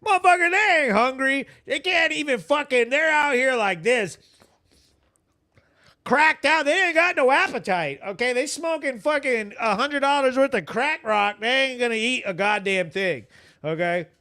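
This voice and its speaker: A man's voice: very high-pitched, lively intonation, normal speed, pushed and bright. A man hosting a live news recap stream, ranting with heavy profanity, laughing and reading viewer comments aloud.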